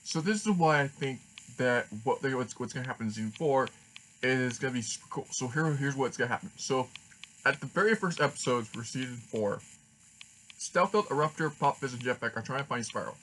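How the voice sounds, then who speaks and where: A man talks through a fan theory in a casual vlog, at an ordinary pitch. He rambles and halts, restarting his sentences as he goes. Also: animated, fairly bright tone, a little hiss or hum, poor audio. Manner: rambling, halting, many restarts. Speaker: fan vlogger.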